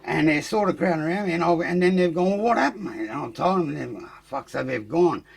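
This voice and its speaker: A man with an Australian accent telling his story as a podcast guest, blunt and profane, growing animated as he acts out fights. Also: fairly high pitch, quick pace, vocal fry, breathy edge. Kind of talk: casual storytelling.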